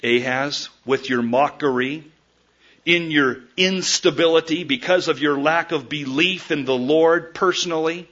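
A male preacher delivers a sermon in a bright, forceful voice. He swings from loud, emphatic declarations to hushed asides and speaks straight to his listeners. The recording sounds dull and lo-fi. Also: a little high, unhurried. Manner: addresses the listeners directly as folks.

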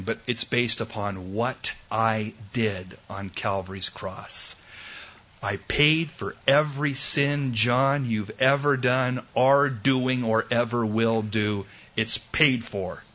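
A man preaching a sermon, swinging from loud exclamations to hushed, tender quoted words. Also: medium pitch, takes it slowly. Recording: dull lo-fi recording.

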